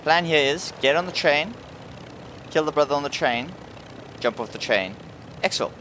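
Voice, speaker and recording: A man doing casual gameplay commentary who gets excitable, swears and yells when frustrated. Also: fairly high pitch, moderate pace, a little hiss or hum. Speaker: gamer. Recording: game music playing behind. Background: music.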